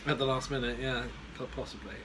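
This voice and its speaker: A man's voice: mid-range voice, steady tone, fast. A man co-hosting a podcast, giving dry, teasing replies in casual chat. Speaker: podcast co-host. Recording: faint background noise.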